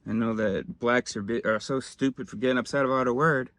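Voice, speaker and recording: A man delivers a sardonic, rambling satirical monologue from his desk, dropping into low mutters and then jumping into louder bursts. His voice sits at a middle pitch. The recording is dry and close, with no room sound. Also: brisk, no room sound.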